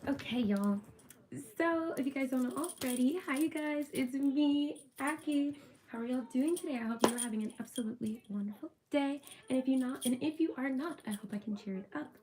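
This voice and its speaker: A woman's voice: sits high, a little fast, background noise. A young woman casually chatting to her viewers while doing a tarot reading, upbeat and talkative. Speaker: tarot reader.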